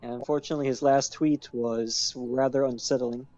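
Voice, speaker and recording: A man's voice: medium pitch, fairly even intonation, moderate pace, mellow, muffled recording. A man co-hosting a comedic movie riff, making dry, wry remarks. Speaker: co-host. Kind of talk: casual comedic riffing.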